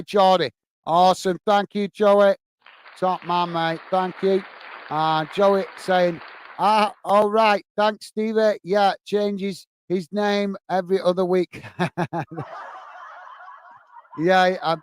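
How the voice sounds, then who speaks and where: Man, host reading live chat, high voice, smooth clear tone, dry close sound, says mate a lot, lots of uhs. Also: no echo. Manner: friendly, calls everyone mate, many filler uhs. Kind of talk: casual live-stream chat.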